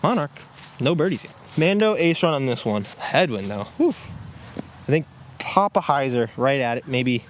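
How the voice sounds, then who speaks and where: A man's voice: mid-range voice, lively intonation, normal speed. A man giving casual commentary while throwing discs on an outdoor course, exclaiming at each shot. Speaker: disc golf reviewer. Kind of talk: casual play-along commentary. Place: outdoor disc golf course. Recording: outdoor field recording with faint noise.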